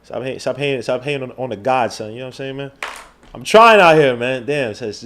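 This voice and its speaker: A man hosting a podcast in casual chat, slangy and rambling, swinging from loud outbursts to low mutters. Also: brisk. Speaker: podcast host. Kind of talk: casual live-stream chat.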